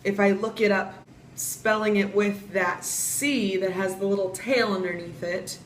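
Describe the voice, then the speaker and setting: A young American woman talks in a relaxed, chatty way and spells words out letter by letter as she explains them. Her voice sits in a middle register. The room is echoey, with a faint hum of ambient noise underneath. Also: mid-range voice, measured pace. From United States. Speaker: vlogger teaching Portuguese pronunciation. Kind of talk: casual vlog lesson.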